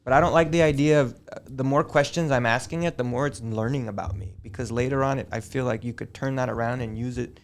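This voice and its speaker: A middle-aged man, a high school teacher, chatting as a guest on a school podcast and telling long, digressive stories. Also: steady tone, fast, few pauses, a little hiss or hum. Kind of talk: casual interview chat.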